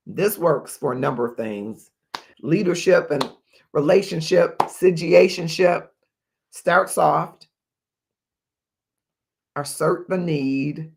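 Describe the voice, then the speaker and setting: A man's voice: a little high, slow, gravelly, fairly bright tone. A man hosting a live advice stream, emphatic, repeating his key points and thanking viewers by name. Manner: reads viewer comments and thanks them aloud. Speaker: livestream host.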